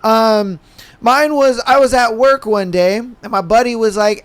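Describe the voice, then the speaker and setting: Young male podcast host, easygoing and casual, fairly high and crisp tone, swears freely. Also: moderate pace, a bit bright. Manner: laid-back, says "bro" and "man" constantly. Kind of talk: casual storytelling monologue.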